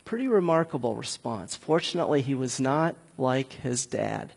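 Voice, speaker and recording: A man preaching a conversational, animated sermon, speaking directly to his congregation. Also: medium pitch, moderate pace, creaky, breathy edge, in a large hall. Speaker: pastor.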